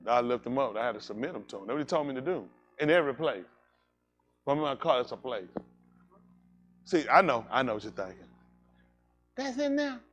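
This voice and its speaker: A male pastor preaching a sermon in casual vernacular, animated and joking with his congregation. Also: mid-range voice, fairly quick, long pauses, muffled recording.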